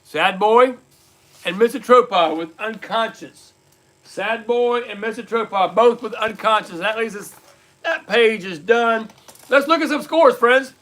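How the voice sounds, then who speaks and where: A man hosting a live online trivia night, reading out scores and repeating each question slowly, in casual chat. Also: high voice, fairly bright tone. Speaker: livestream trivia host.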